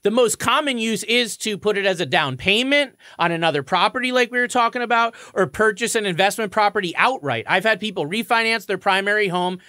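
A man's voice: sits high, animated, brisk, few pauses, pushed and bright, no echo, clean studio sound. A man co-hosting a radio show, explaining mortgages in a confident, explanatory way. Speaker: mortgage expert co-host.

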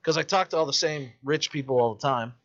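A man who makes independent films, telling stories in casual podcast chat, animated and full of swearing. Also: medium pitch, quick pace, highs cut off. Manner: profane, animated storytelling. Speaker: independent filmmaker.

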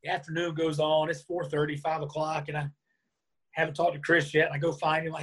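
A man being interviewed, telling a lively anecdote and acting out the lines of the people in it. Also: on the high side, brisk. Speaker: interview guest. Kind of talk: storytelling in a conversation.

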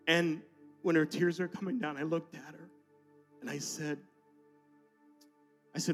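A man with a high voice preaches in church, dropping to near-whispers and then rising to loud declarations. A faint bed of music runs behind him. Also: steady tone, measured pace, long pauses. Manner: emotional, swinging between soft asides and loud declarations. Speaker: pastor. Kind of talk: sermon with personal storytelling.

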